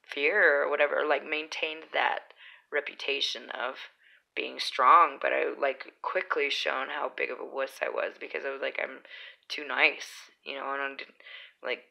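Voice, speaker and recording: A woman's voice: a bass voice, flat delivery, moderate pace, creaky, bright, forceful tone, dull audio. A young woman from Utah telling rambling stories in a casual vlog, full of fillers. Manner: chatty, rambling, lots of fillers. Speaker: vlogger. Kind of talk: casual storytelling.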